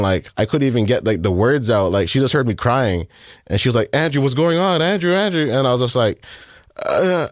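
A man telling a personal story in an interview, halting and full of fillers and repeats. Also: medium pitch, a little mellow, dry recording, clean studio sound. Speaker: guest.

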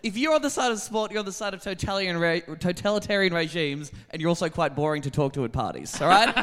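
A man from Australia with a high, bright voice, ranting in mock outrage as a comedy podcast guest. The sound carries a long reverb and a faint hiss behind it. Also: animated, fast. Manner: mock-indignant storytelling, swearing and laughing. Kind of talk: comic podcast banter.

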